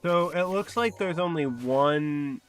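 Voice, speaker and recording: Slow-talking man streaming games. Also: a little high, slight background noise. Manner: relaxed, wry, offhand asides. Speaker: gaming streamer. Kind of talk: casual livestream commentary.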